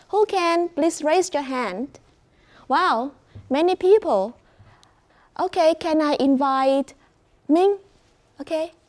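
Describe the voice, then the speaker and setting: A woman English teacher with a Vietnamese accent, running a class and guiding her students slowly and clearly with encouragement. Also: high voice.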